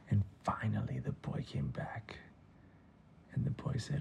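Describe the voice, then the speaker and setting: A man narrating a bedtime story in a playful, animated way, with sound effects. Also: medium pitch, unhurried, vocal fry, pauses often, whispered, muffled recording.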